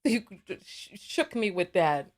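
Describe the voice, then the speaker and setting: A woman's voice: mid-range voice, very animated, slow. A woman hosting a live reaction stream, reading viewer comments in a blunt, exasperated way and often repeating herself. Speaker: livestream host.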